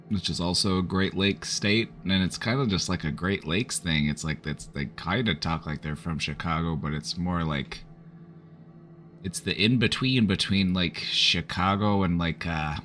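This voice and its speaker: A man's voice: low-pitched, unhurried, fairly bright tone, soft background music. A man chatting casually on a live stream, rambling with lots of fillers. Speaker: streamer offering support.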